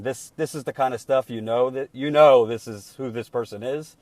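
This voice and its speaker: A man giving indignant political commentary while reading out leaked emails, emphatic and deliberate, with many repeated restarts. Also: medium pitch, a little mellow, no room sound. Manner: deliberate and slowed when troubled.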